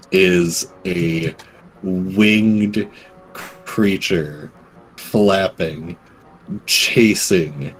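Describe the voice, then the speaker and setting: A man narrating as game master of a tabletop game, casual and halting, with many fillers. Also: sits low.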